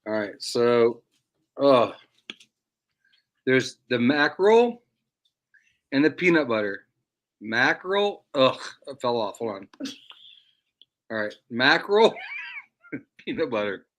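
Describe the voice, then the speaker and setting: A man's voice: mid-range voice, big pitch swings, takes it slowly, pauses often, a bit bright. A man hosting a casual livestream, rambling and repeating words as he talks. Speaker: livestream host.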